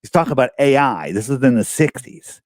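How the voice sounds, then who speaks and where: Male podcast guest, mid-pitched, animated storyteller who acts out quotes, dry close-mic sound. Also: a little fast, dry recording. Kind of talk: casual podcast conversation.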